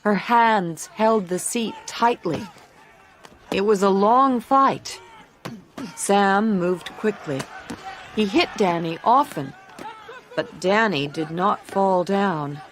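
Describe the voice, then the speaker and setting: A woman narrating a simple story for English learners, clear and deliberate. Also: medium pitch. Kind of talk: slow scripted story reading for English learners.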